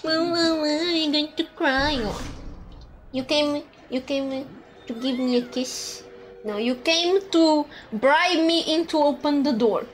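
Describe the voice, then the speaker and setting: A woman streaming a video game in casual commentary, excitable, swearing and laughing often. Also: high-pitched, unhurried, a little hiss or hum. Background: game music.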